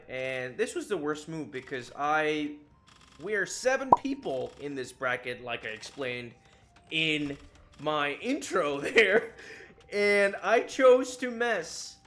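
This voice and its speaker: A man's voice: fairly high pitch, fairly bright tone. A man giving casual commentary over his own strategy game match, laughing often and mocking his own mistakes as he rambles along. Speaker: gaming YouTuber.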